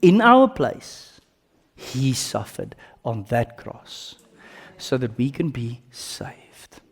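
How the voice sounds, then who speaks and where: A man with an Afrikaans accent, a native Afrikaans speaker from South Africa, preaching a sermon with dramatic swings from loud bursts to hushed lines. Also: mid-range voice, big pitch swings, drawn-out words, creaky. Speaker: pastor. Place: church service.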